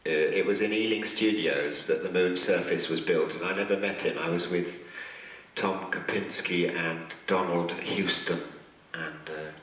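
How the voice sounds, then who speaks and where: A man with a low voice, heard from across an echoey hotel function room as he answers questions. He tells rambling, self-mocking stories and chuckles at his own jokes. The sound is distant, with heavy reverb from the hall. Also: fairly even intonation, measured pace, fairly bright tone. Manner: rambling, joking anecdotes with chuckles. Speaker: guest actor at a fan convention. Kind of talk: convention Q&A storytelling.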